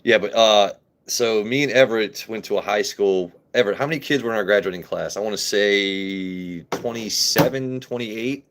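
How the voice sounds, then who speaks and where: A man in his late thirties from Maryland, talking casually into his phone during a live stream. His voice sits a little low, and he rambles, jokes and swears freely as he reads out viewer comments. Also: normal speed, a bit bright. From Maryland, USA. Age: 30s. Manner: loose, profane, joking banter with chat.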